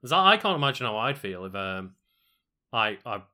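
Relaxed male co-host, crisp and very bright tone, lowish pitch. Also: moderate pace. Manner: relaxed, sweary, agreeable. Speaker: podcast co-host. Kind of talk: casual chat.

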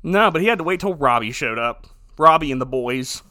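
A man's voice: a little high, lively intonation, a little fast, sharp tone, no echo, studio quality. A man from Ohio recapping a movie in a comedic podcast chat, sarcastic and laughing often.

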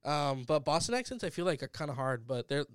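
A man in a casual chat, relaxed and hesitant, often trailing off softly. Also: on the high side, quick pace, clean tone, no echo, studio quality.

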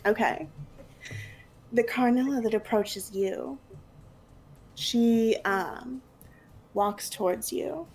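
Give me a woman game master with a gravelly voice narrating an rpg session. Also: medium pitch, slight background noise. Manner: relaxed narration with fillers.

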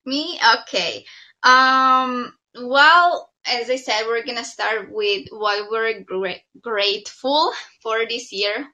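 A woman co-hosting a podcast in casual chat, talking in a warm, chatty way with many fillers. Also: on the high side, low-quality recording. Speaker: podcast co-host.

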